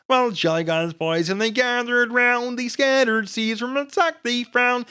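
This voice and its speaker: Brief: bossy frog puppet, sassy and scolding, bright, smooth, pitched high. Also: male voice, exaggerated voice. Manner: sassy, scolding his partner. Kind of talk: live stream puppet bit.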